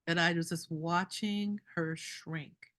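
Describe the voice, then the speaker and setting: A woman doula telling a story at a group meeting, animated and indignant, laughing between lines. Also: lowish voice, slow.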